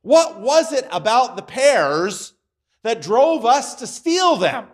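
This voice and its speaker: Animated, slow-talking male Sunday school teacher. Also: very high voice. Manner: conversational, acts out voices in examples. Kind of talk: teaching a church class. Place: church classroom.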